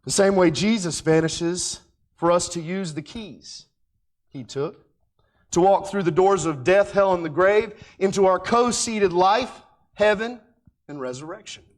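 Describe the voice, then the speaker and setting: A male Bible teacher with a notably high-pitched voice speaks emphatically, rising to ringing declarations and then dropping to near-murmured asides. He stretches out key words, slowing right down to press a point home. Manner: emphatic, swinging between loud declarations and quiet asides; slows down to stress key words.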